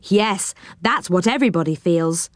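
A woman's voice: lowish voice, moderate pace, no room sound, clean studio sound, natural voice. A woman reading a storybook aloud, voicing a cheerful, knowing young boy who explains things eagerly.

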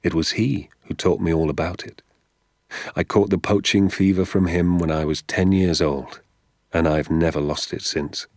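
A man voicing a gentle, quiet father who speaks in a slow, hushed, confiding way in a storybook reading. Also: low voice, steady tone, dry recording, clean studio sound.

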